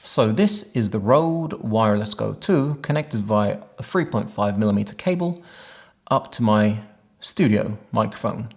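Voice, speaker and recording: Low, gravelly man reviewing gear. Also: a little mellow. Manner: enthusiastic, playful demo talk. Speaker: tech reviewer. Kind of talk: product review vlog.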